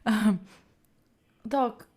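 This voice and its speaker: Emotional young woman streamer, slightly high. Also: extremely slow, darkish tone. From Italy. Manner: emotional, thanking viewers, swearing, near tears. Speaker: study livestream host. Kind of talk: casual livestream chat.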